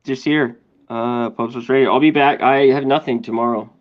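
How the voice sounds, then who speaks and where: A man co-hosting a sports radio show, talking in a relaxed, laid-back way. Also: medium pitch, moderate pace, lo-fi sound. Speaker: co-host and golf analyst. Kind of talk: casual sports radio chat.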